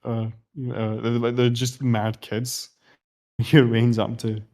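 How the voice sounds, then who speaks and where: A man's voice: mid-range voice, flat delivery, slow pace, darkish tone. A young Scottish man answering quiz questions, hesitant and given to rambling stories and swearing. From Scotland. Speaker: quiz contestant. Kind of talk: casual podcast chat.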